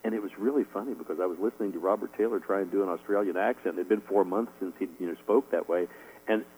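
A middle-aged man interviewed as an author gives casual radio answers in a low, slightly mellow voice, speaking fast. He rambles, uses plenty of fillers, and chuckles often. Audio quality is poor.

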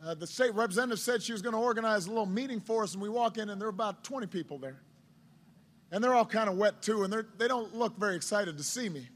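A middle-aged man, a politician, telling a story in a speech to a crowd, with a halting delivery full of repeated words. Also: extremely high pitch, fairly bright tone.

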